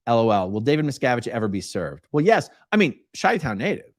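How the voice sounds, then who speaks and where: Brief: male live-stream host, mid-pitched, talkative, reading chat questions, dry close-miked sound. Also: big pitch swings, fairly quick, no echo. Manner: conversational, reads chat questions aloud and answers at length. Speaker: host answering viewer questions.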